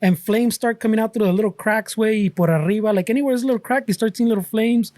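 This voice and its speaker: A man's voice: high-pitched, quick pace, no room sound, studio quality. A man hosting a podcast, telling a story in casual chat and acting out what people said, laughing often. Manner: animated storyteller who acts out quotes and laughs often. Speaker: podcast host.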